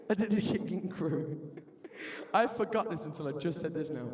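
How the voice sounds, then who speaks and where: A man in his twenties doing a lively stand-up comedy set with crowd work, shouting his punchlines in a university bar. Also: on the high side, normal speed. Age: 20s. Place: university bar venue, live audience. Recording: long reverb of a live venue.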